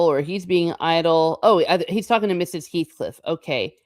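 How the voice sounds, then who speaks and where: A woman with a low, deep voice reads a classic novel aloud, slow and deliberate, then drops into relaxed, chatty remarks about what she has read. Her voice is close and dry, with no room sound around it. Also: no room sound. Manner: slow, deliberate reading broken by chatty, amused asides. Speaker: host. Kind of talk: reading a novel aloud with casual commentary.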